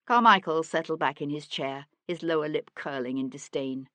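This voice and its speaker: A woman narrating an audiobook mystery in a steady, even storytelling manner. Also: deep voice, normal speed, hardly any pauses, dry recording. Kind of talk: scripted narration.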